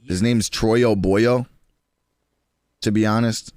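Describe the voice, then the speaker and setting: A young man in his twenties chatting casually on a stream, slangy and rambling, with quick restarts. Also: fairly low pitch, darkish tone, dry recording, studio quality.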